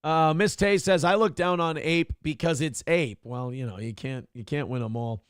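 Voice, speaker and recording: A man's voice: normal speed, clean tone, no echo, studio quality. A man hosting a morning talk show, casually reading viewer comments aloud with sardonic mock indignation and cursing freely. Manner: puts on a high sing-song voice for quoted lines.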